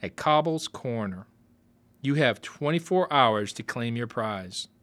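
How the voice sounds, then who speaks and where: A man voicing a calm, easygoing teenage boy who speaks in a low-key way. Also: slow.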